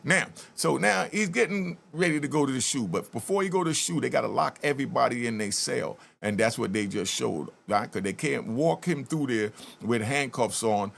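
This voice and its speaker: Over a video on his channel, a male host shares prison stories from his own life, voicing other people's lines and repeatedly asking viewers to leave comments. His medium-pitched, fairly bright voice has lively intonation, a moderate pace, and vocal fry.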